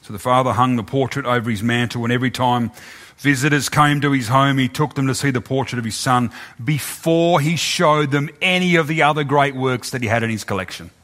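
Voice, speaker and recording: A man preaching, telling a story in a halting way, often repeating his words. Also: medium pitch, a bit bright. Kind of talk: sermon storytelling.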